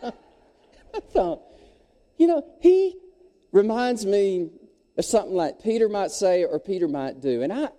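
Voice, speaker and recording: A man's voice: sits high, measured pace, pauses often. A middle-aged man preaching a sermon as a pastor, storytelling and calling out to the congregation. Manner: animated storyteller, audience call-outs. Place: church sanctuary, long reverb. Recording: echoey hall.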